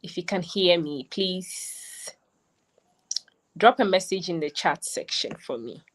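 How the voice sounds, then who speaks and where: A woman, a lead coach, hosting an online graduation ceremony on a livestream, chatty and excited, often repeating herself. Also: lowish voice. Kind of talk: live-streamed ceremony hosting.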